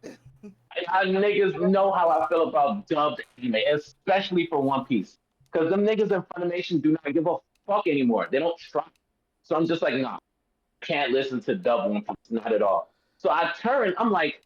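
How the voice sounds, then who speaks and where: A man with a high, lively voice rants fast and heatedly to his friends. His mic sounds slightly dull and lo-fi. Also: slightly rough. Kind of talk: casual chat among friends.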